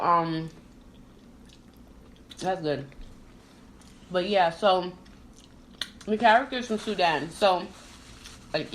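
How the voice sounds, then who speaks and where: A woman who grew up in Trinidad chats casually on a podcast while eating. Her voice sits a little low, and she laughs easily and talks with her mouth full. Faint hiss runs under the recording. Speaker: podcast host.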